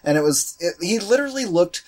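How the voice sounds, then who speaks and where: A man co-hosting a casual movie commentary podcast, rambling and swearing as he tells animated stories. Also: sits high, a little fast. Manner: profane, rambling, animated storytelling. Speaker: podcast co-host.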